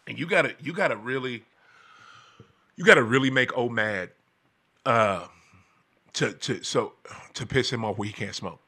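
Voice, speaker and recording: A fired-up man rants on his own show, cursing freely and tripping over restarts before he breaks into yells. His voice is bright and forceful, sitting at an ordinary middle pitch. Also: moderate pace, pauses often, slightly rough. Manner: angry, profane, stammering restarts, bursts into shouting. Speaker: podcast host. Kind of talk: heated ranting monologue.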